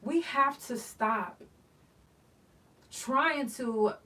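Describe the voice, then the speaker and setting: Animated woman storyteller, off-mic. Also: high voice, very slow, recorded from a distance, rough recording. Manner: animated storytelling, swearing, acting out texts. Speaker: podcast host. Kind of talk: casual solo chat.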